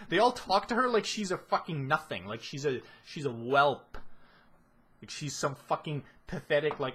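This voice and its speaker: A man's voice: a little high, lively intonation, normal speed, fairly bright tone, a little hiss or hum. A man giving a ranting analysis of a show, exasperated and swearing heavily. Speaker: video commentator.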